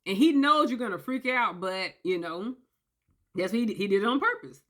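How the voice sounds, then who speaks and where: A woman giving a casual explainer, emphatic and animated, often checking in with "okay?" and acting out quoted voices. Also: medium pitch, normal speed. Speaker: commentator on narcissistic abuse. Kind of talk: casual talking-head explainer.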